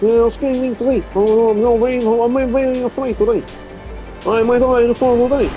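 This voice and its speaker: A man putting on a high, whiny voice as a frightened man terrified of an unknown caller. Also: fairly even intonation, moderate pace, mellow, faint music behind. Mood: scared. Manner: whiny, panicky, high-pitched.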